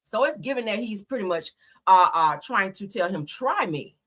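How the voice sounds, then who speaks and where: A woman's voice: medium pitch, animated, moderate pace, a bit bright, slight background noise. A woman hosting a livestream, giving casual, slangy commentary and laughing often. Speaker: livestream host.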